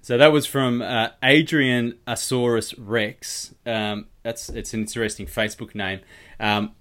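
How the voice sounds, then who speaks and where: A man's voice: medium pitch, steady tone, a little slow, fairly bright tone. A man hosting a casual fantasy sports podcast, rambling and teasing his co-host. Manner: rambling, restarts, swears and teases.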